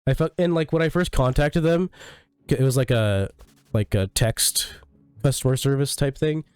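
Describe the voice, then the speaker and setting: A man livestreaming in casual, rambling chat, swearing a lot and sounding sick, coughing and clearing his throat often. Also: medium pitch, moderate pace, darkish tone, dry recording. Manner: profane, ranting, full of fillers. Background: faint music.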